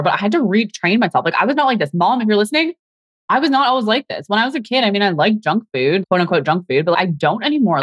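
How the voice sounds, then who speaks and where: A woman's voice: medium pitch, no echo, lo-fi sound. A woman fitness coach hosting a podcast, talking in a chatty, upbeat way and speaking straight to her listeners. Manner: chatty, upbeat, keeps saying "you guys". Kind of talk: live podcast talk, reading out audience chat.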